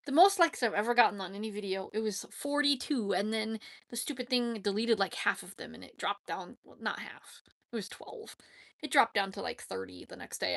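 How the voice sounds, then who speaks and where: Woman, casual livestream chat, bright voice, gravelly edge. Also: mid-range voice, brisk, no echo, studio quality. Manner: chatty, giggly, talks to herself. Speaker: livestream host.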